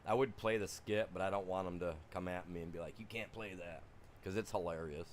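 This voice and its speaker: A man chatting loosely on a game livestream, wandering from story to story and chuckling along the way. His voice sits a little on the low side. A faint hiss of noise stays underneath. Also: fairly even intonation, fast. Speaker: game streamer. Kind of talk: casual chat during a livestream.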